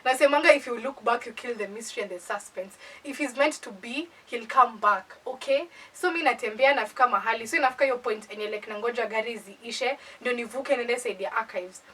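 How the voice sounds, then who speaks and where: A young Kenyan woman with a Kenyan accent tells a playful storytime in a casual chat, dramatizing it animatedly with acted asides. Her voice is on the high side and slightly rough, brisk with few pauses, captured from a distance in a rough recording.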